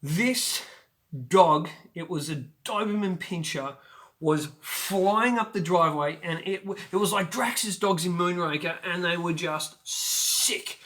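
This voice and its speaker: A man in his forties hosting his own show, telling a personal story in a chatty, animated way with sudden loud bursts. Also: high voice, unhurried. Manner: animated, acts out scenes with sudden loud outbursts; chatty with frequent fillers and restarts. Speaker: show host.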